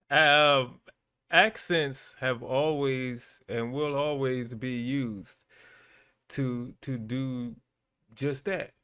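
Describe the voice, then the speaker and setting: A man's voice: mid-range voice, steady tone, drawn-out words, long pauses, bright, forceful tone, smooth. A man hosting his own channel, giving laid-back, chatty commentary with frequent fillers. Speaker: vlogger and host. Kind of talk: casual commentary.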